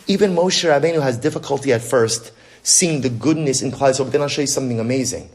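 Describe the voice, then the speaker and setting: A male rabbi giving an animated religious lecture, full of rhetorical questions. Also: mid-range voice, fast talker.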